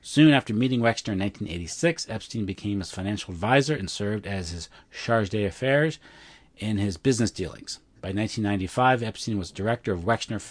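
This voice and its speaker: A man with a fairly low voice reads prepared notes aloud as a podcast co-host. His delivery is casual and loose, full of fillers and quick self-corrections, with offhand asides between passages. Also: breathy edge. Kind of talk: casual read-through of notes.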